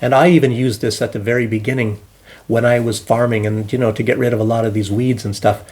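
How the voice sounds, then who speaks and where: A man's voice: mid-range voice, level tone, fast talker, darkish tone. A man talking alone to his viewers in loose, rambling commentary, often stopping and restarting his sentences. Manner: rambling, hesitant with many restarts. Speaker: commentary channel host. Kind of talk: casual solo commentary.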